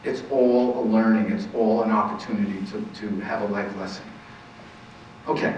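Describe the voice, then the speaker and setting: A man's voice: mid-range voice, slight background noise. Man lecturing in a very echoey hall. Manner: earnest, repeats key points, asks rhetorical questions. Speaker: counselor giving a parenting talk. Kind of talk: lecture to a live audience. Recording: very echoey, distant, muffled room recording.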